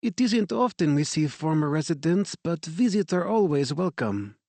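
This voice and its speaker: A man's voice: a little high, very animated, normal speed, mellow, dry recording, pitched above the performer's own voice. A man voicing a middle-aged French woman who runs a shelter, speaking with a French accent in a polite, cool, protective way. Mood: polite, reserved.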